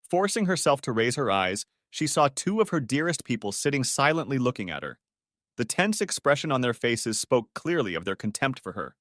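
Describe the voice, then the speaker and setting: A man's voice: mid-range voice, sing-song, normal speed, fairly bright tone, no echo, studio quality. A man narrating a dramatic family story as an audiobook, reading expressively.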